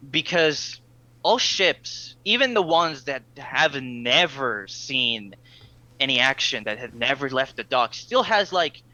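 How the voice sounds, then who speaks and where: Bright-voiced man narrating as game master. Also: mid-range voice, muffled recording. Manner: halting, full of fillers and restarts.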